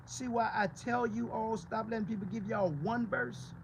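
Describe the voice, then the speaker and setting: Fiery, gravelly high-pitched male preacher. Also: fairly even intonation, normal speed, noisy background. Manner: combative, profane, repeats rhetorical questions. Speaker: pastor.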